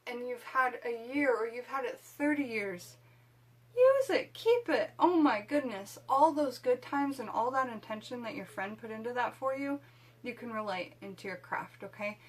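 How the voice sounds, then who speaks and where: A woman's voice: a little high, animated, normal speed. A woman hosting a witchcraft video, chatting casually to camera in a rambling way with lots of fillers.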